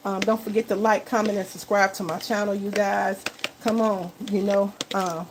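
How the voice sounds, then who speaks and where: A woman's voice: medium pitch, little pitch movement, normal speed, background noise. A woman hosting a casual live cooking stream in her home kitchen, chatting to viewers as y'all and tagging okay onto her lines. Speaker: cooking livestream host.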